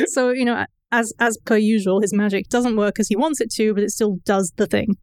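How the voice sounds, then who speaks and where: A woman's voice: mid-range voice, fairly even intonation, normal speed, no echo. A woman co-hosting a podcast, recapping a cartoon episode in casual chat and laughing often.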